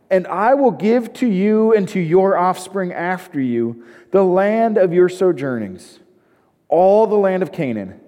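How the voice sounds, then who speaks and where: Male preacher, slightly high voice, reads scripture then talks it through casually, long hall reverb. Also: a little mellow. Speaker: pastor. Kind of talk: sermon with scripture reading.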